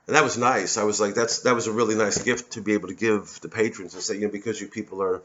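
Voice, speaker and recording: A man's voice: on the low side, fairly even intonation, quick pace, fairly bright tone, muffled recording, a little hiss or hum. An American man from Missouri, a comedian delivering a rambling, profane, digressive monologue full of restarts. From Missouri, USA. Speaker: comedian hosting his own show.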